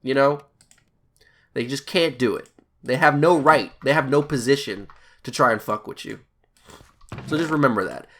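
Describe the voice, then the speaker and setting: Young male gaming YouTuber, rambling casual storyteller, swears freely, mid pitch. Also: normal speed, pauses often, fairly bright tone. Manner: rambling, swearing, laughing asides. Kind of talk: casual storytelling while playing a video game.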